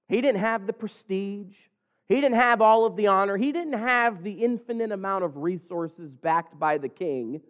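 Male preacher, high voice, earnest sermon delivery, lo-fi church recording. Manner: earnest, building to raised pleas.

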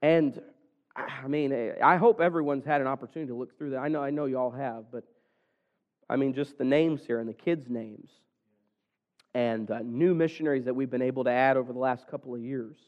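A man's voice: mid-range voice, fairly quick, dull audio. A man preaching an earnest evening sermon to his church, with raised, pleading stretches. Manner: earnest, building to raised pleas.

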